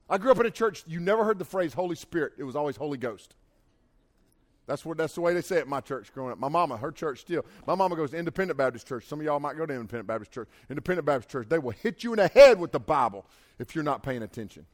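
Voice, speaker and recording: A middle-aged preacher with a rather high voice delivers a sermon. He talks casually with lots of "like," then bursts into loud, dramatic lines before dropping back to a low, confiding tone. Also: quick pace. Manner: animated, shouting dramatic quotes, conversational asides.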